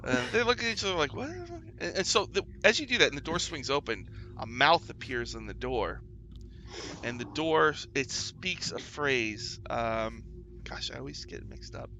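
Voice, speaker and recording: A man's voice: medium pitch, animated, moderate pace, sharp tone, slight background noise. A man narrating a tabletop game as game master, often laughing and stumbling over restarts.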